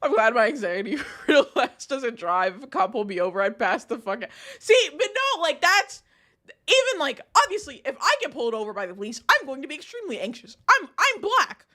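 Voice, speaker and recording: A young woman talks casually on a live stream, mocking what she watches and laughing often. Her voice sits high and sounds bright and forward. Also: sing-song, brisk. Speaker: streamer reacting to videos.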